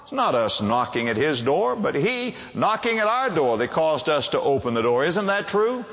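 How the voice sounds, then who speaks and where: A man preaching a sermon to a congregation, emphatic and quick to ask them rhetorical questions. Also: on the high side, big pitch swings, a bit bright, big-room sound.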